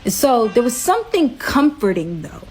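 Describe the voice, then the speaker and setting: A woman telling a personal story in a casual, slangy way, her voice jumping high in pitch for emphasis. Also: big pitch swings, normal speed, a little mellow, slightly rough.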